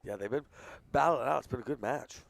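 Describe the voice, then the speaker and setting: Gravelly-voiced male pool commentator. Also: mid-range voice, fairly quick, no echo. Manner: chatty, joking, drops to a hush during shots. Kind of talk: casual color commentary.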